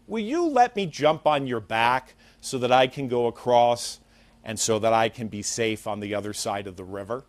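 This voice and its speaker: A man doing a sly, hushed scorpion. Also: lively intonation, normal speed, no room sound, close to an everyday voice. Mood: polite. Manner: coaxing, low and hushed. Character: sly smooth-talking male scorpion.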